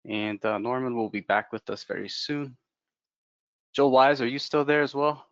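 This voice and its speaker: A man's voice: mid-range voice, moderate pace, a bit bright, dry recording. Man, event host, enthusiastic introductions, dry dull call sound. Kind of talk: hosting an online event.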